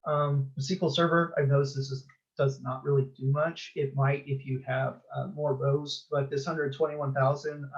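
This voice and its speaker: A man presenting a technical talk at a user group meeting, talking in a halting way with many filler sounds. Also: fairly high pitch, muffled recording.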